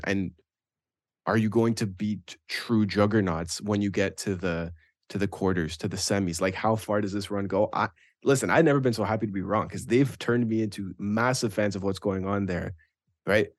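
A man co-hosts a casual football podcast in a fairly low voice. The sound is dry and close. He argues his points with animated conviction and tags his sentences with "right?". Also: normal speed, no echo. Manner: animated, opinionated, leans on "right?". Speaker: podcast co-host. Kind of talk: casual sports chat.

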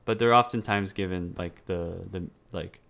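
A man's voice: low-pitched, moderate pace, gravelly, fairly bright tone. A man in a casual political chat, rambling with lots of fillers and restarts, swearing now and then.

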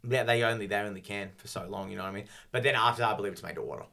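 A man with a fairly low voice hosts a relaxed podcast chat. He reads game-book passages aloud, often stumbling and restarting as he goes. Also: vocal fry. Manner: chatty, halting restarts when reading. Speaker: podcast host.

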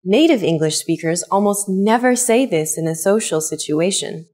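A young woman teaching an English lesson, speaking slowly and clearly and repeating each phrase for learners. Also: mid-range voice, lively intonation, darkish tone. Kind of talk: scripted language lesson.

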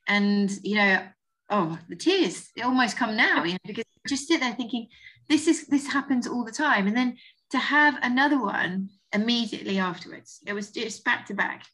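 A woman's voice: a little high, lively intonation, moderate pace, fairly bright tone, low-quality recording. A woman in her forties with an Essex accent, a vet talking through a story in a chatty, emotional way on a podcast. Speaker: guest vet. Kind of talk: podcast interview.

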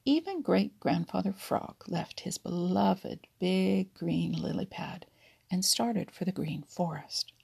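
A woman reading a children's storybook aloud, soft and unhurried, often half-whispered. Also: fairly low pitch, creaky, breathy edge.

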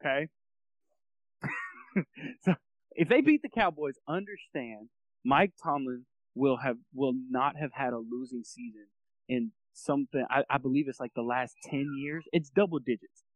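A man co-hosting a sports podcast in casual chat, animated and laughing easily, acting out little quotes. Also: medium pitch, unhurried, dry recording, poor audio. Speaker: podcast co-host.

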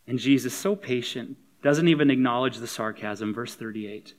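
A man's voice: mid-range voice, moderate pace. A man preaching a sermon as a pastor. He is conversational and humorous, and he builds to emphatic points.

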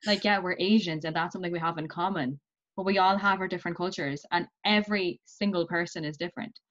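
A young Irish woman in casual chat, telling animated stories and acting out dialogue. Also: on the low side, quick pace. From Ireland. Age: young adult. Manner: animated storytelling, acts out dialogue. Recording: dull lo-fi sound.

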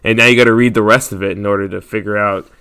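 A man's voice: fairly low pitch, steady tone, rapid-fire, gravelly, bright, forceful tone, clean tone. An American man co-hosting a podcast in casual chat, with lots of ums and fillers. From United States. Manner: chatty, lots of ums and likes. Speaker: podcast co-host.

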